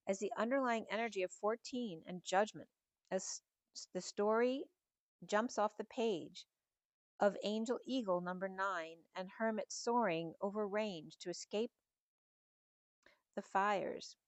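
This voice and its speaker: A woman's voice: mid-range voice, a little slow, dry recording. Meandering middle-aged woman tarot reader. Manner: musing, meandering delivery linking numbers and symbols. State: slightly hoarse. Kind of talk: spiritual tarot reading.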